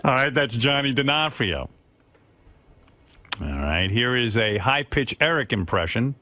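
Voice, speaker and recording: A man's voice: mid-range voice, lively intonation, measured pace, bright, forceful tone. A man hosting a radio show, bantering playfully and laughing often. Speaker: radio host.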